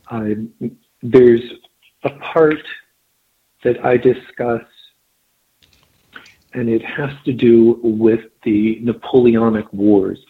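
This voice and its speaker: A man, an author and guest, explaining and then reading his own story aloud in a measured way. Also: medium pitch, breathy edge. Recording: tinny phone line.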